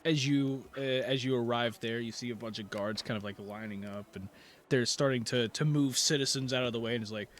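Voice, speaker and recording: A man narrating as game master of a tabletop game, relaxed and full of fillers. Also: medium pitch, a little fast.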